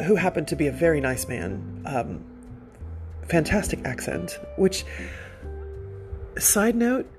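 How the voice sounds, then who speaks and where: With a voice that's a little high, a podcast host shares a personal story in a loose, rambling way. He pokes fun at himself in asides and lets out soft laughs as he moves between ideas.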